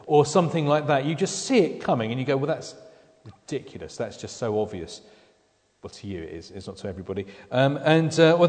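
A man preaching a sermon in a relaxed, conversational way, with dry joking asides. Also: medium pitch, big-room sound.

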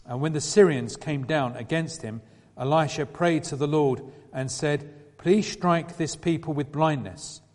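A man's voice: fairly high pitch, a little mellow. Man reading scripture in a reverberant hall. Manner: measured, lifting his voice for quoted speech. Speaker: scripture reader.

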